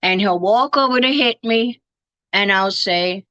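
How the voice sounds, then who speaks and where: Older woman, bright edgy tone, family stories, dull dry lo-fi sound. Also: medium pitch, measured pace, no echo. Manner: storytelling, acting out quoted dialogue. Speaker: interviewee. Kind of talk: reminiscing interview.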